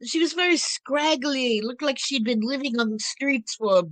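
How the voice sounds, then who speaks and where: A woman's voice: high-pitched, moderate pace, fairly bright tone, no echo, poor audio. A woman storyteller playing an ancient, wry witch in a drawling, teasing first-person telling. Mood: sly. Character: ancient wry female witch Baba Yaga.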